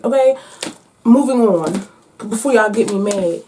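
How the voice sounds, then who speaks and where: A woman's voice: sits high, normal speed, a little hiss or hum. A woman book vlogger chatting casually and playfully with her viewers about her reading picks. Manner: chatty, animated, playful slang. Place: at home.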